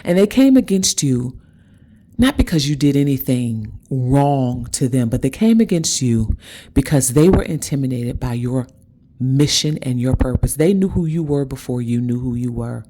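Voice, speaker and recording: A woman hosting a spiritual motivational monologue. She talks emphatically and repetitively, checks in with listeners with a quick "okay?", and drags out key words for dramatic stress. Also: a bass voice, animated, dark tone. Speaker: host.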